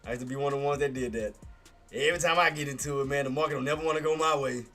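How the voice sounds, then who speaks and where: A man's voice: medium pitch, racing, sharp tone, faint music behind. A man who streams about stock trading, talking casually and candidly to viewers, laughing often and using slangy everyday speech.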